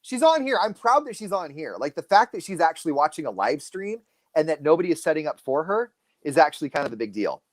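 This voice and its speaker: A man in his forties co-hosting a casual live stream, telling stories with animated energy. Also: fast talker, few pauses, no echo. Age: 40s. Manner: animated storytelling, lively pitch. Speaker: co-host.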